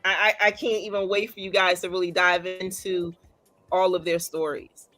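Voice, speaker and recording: A woman's voice: on the low side, normal speed, faint music behind. Emotional, laughing woman host. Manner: emotional, laughing, acts out excited reactions. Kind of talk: casual chat.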